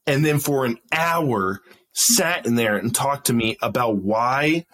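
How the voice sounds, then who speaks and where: Husky-voiced man telling a profane story. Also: medium pitch, lively intonation, takes it slowly, a bit bright. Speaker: podcast guest. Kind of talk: casual storytelling.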